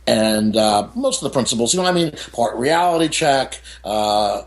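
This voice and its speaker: Man, gravelly voice, middle-aged, interview guest, chatty asides. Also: medium pitch, normal speed. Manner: animated, many "you know" and "I mean" asides. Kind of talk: candid storytelling in an interview.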